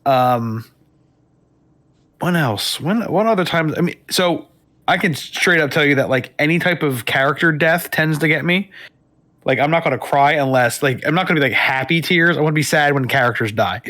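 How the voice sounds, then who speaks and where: Rambling man with a slightly high voice. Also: moderate pace, sharp tone. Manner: rambling, thinks aloud with many fillers. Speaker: guest, streamer. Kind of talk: casual interview chat.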